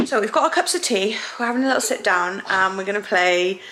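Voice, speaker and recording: A woman's voice: medium pitch, quick pace, sharp tone. A young pregnant woman chatting casually at home for a vlog, talkative and emotional, often giggling. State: heavily pregnant. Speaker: vlogger.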